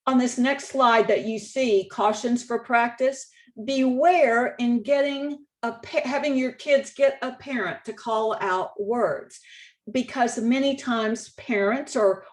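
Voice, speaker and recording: Texan lady giving a slide talk, kinda high voice, slow and careful. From Texas. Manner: measured, instructive, reads example quotes aloud. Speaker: state contest director. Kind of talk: conference presentation with slides.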